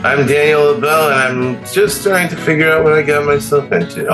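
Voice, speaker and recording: A man, a stand-up comedian, joking deadpan as a guest on a chat podcast. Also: a little high, music in the background, low-quality recording. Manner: deadpan joking, halting with fillers. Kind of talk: casual interview chat.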